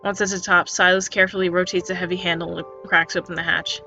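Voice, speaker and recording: A woman's voice: fairly low pitch, flat delivery, fast talker, sharp tone. A woman reading an interactive story game aloud in second person, stumbling and restarting words often. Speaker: narrator. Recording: dull lo-fi recording with faint music.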